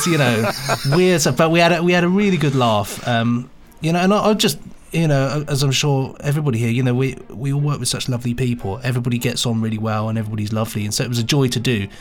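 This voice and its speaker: A man co-hosting a podcast and recalling studio sessions as the engineer, talking in a chatty way with many restarts. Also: medium pitch. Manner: chatty, stumbling restarts, laughs easily. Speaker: podcast co-host and sound engineer. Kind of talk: casual chat.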